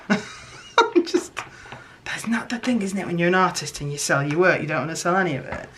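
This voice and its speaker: A woman chatting casually as she shows her homemade crafts, excitable and self-mocking. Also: on the low side, quick pace, background noise. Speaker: crafting vlogger. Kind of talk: casual craft chat to camera.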